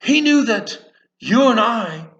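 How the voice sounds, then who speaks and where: A man preaching in a church, telling a story earnestly and haltingly, often restarting his sentences. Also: extremely high pitch, animated, fairly bright tone, lo-fi sound. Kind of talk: sermon storytelling.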